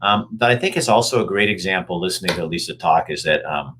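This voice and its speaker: A man's voice: low voice, fast talker, bright, forceful tone, slight background noise, low-quality recording. An older man hosting a casual chat, jokey and rambling, with frequent restarts. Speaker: host.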